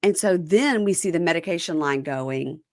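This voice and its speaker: Female co-host, young adult, low-pitched, dry close sound, retells scenes with quoted voices. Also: normal speed, dry recording. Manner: retells scenes, quoting people in lively voices. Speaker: podcast co-host recapping a reality show. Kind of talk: casual chat.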